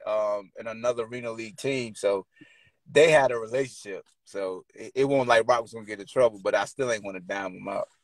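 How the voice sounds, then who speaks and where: A man hosting a sports podcast with a Virginia accent, taunting and shouting at players in casual trash talk. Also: lowish voice, fairly quick, no echo, poor audio. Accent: Virginia (757 area). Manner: loud, taunting, animated, shouts and laughs. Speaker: podcast host.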